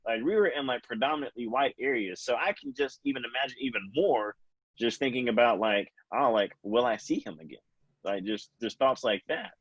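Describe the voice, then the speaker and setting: A man's voice: medium pitch, fairly quick, fairly bright tone, breathy edge, no echo. Young guy hosting a podcast, earnest and thoughtful, dry muffled sound. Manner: earnest, reflective, many restarts. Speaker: podcast host. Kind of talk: casual podcast chat.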